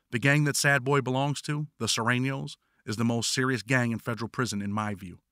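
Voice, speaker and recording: A man's voice: medium pitch, sharp tone, no room sound, clean studio sound. A man narrating his own prison memoir as an audiobook, blunt and wry.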